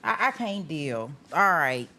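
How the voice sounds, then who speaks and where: A woman's voice: sits low, very animated, takes it slowly, pushed and bright. Emphatic, exasperated woman host ranting. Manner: emphatic, exasperated, repeats "how dare you", swears. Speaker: host of live trial coverage. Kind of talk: heated casual rant.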